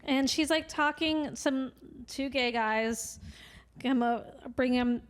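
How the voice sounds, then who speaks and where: Chatty higher-voiced woman co-host. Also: slow pace. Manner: chatty, hedging with "like" and "you know". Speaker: podcast co-host. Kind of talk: casual movie recap chat.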